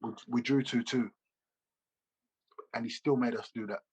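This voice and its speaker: Ex-footballer guest, male, slangy and animated, husky voice on lo-fi video call audio. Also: medium pitch, normal speed. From England. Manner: animated, loose slangy storytelling with repeats. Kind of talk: casual interview storytelling.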